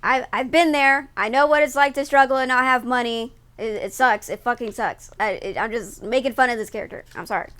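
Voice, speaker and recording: A young woman streaming live, reacting to a video with loud, profane, joking commentary. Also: on the high side, brisk, few pauses. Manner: loud, profane, mocking jokes and frequent laughs.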